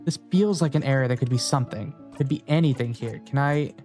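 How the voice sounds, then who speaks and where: A man with a mellow, relaxed voice streams a game, thinking aloud and talking to his chat as he reads the story text. Faint music plays behind him. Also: mid-range voice, brisk. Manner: musing aloud, talks to chat. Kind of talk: game let's play with read-aloud text.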